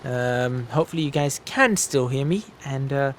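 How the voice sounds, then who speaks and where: Speaking close into a desk mic, a man delivers meandering, self-mocking let's-play commentary for his gaming videos. The pitch is medium, the pace moderate, and there's a little hiss or hum.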